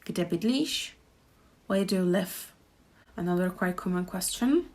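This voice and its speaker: A woman with a Czech accent teaching pronunciation, speaking slowly and repeating each example phrase with care. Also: on the low side, darkish tone. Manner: slow, careful demonstrations with repeated example phrases. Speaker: language teacher. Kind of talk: pronunciation lesson. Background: birdsong and traffic outside.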